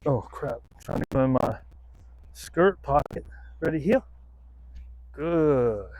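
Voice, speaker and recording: A man's voice: fairly high pitch, expressive, slow, background noise. A man training a dog outdoors, rambling casually to the camera, swearing freely and breaking off to give the dog commands.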